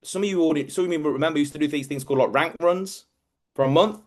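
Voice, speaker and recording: A man giving a motivational talk as a business mentor, emphatic and energetic, often repeating words as he drives a point home. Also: on the high side, rapid-fire.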